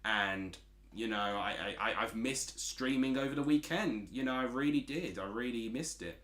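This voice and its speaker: A man's voice: mid-range voice, moderate pace, fairly bright tone, echoey room. A man from Essex with an Essex accent, chatting casually as a streamer while watching football and reading out chat messages. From Essex, England.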